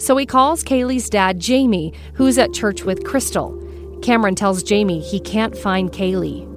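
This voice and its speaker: A woman host giving measured, suspenseful scripted narration of a true-crime story. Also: medium pitch. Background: soft music bed.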